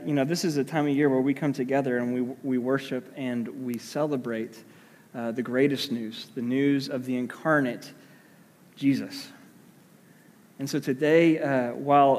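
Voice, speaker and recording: A man preaching a sermon as pastor in a conversational way, with many fillers. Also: mid-range voice. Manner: conversational, with many fillers; hushed when praying. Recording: long hall reverb.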